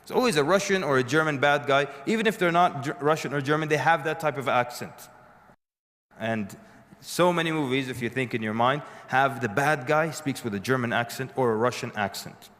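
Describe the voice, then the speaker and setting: In a brisk, slightly bright mid-range voice, a man speaks to a live audience. His lecture unfolds as conversational storytelling peppered with dry humor. The recording carries the long reverb of a lecture hall.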